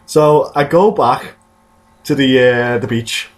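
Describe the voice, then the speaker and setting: A man's voice: medium pitch, slow. A man, co-hosting a podcast and rambling through jokey stories in casual chat. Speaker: podcast co-host.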